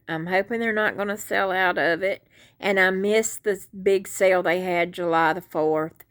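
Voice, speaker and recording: A woman chatting to viewers about crochet from her bed at home, talking into a handheld phone in a folksy, rambling, self-deprecating way. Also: on the low side. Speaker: crochet vlogger. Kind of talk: casual chat to viewers.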